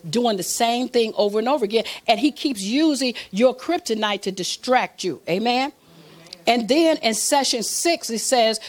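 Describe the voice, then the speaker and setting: A woman preaching a sermon, calling for amens and acting out prayers and God's replies. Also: a little high. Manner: call-and-response with the audience, asks for amens.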